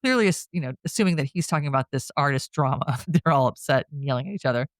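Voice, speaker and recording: A man's voice: mid-range voice, dry recording, clean studio sound. A man co-hosting a podcast, casually recapping a film plot in a chatty way, laughing often and slipping briefly into the characters' lines. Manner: chatty, laughs often, drops into quick quoted voices. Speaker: podcast co-host.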